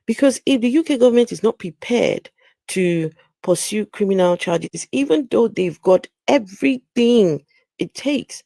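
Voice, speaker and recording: A woman hosting a casual livestream chat, animated and exclaiming as she reads viewer comments aloud. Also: medium pitch, gravelly, dry recording, clean studio sound. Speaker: channel host.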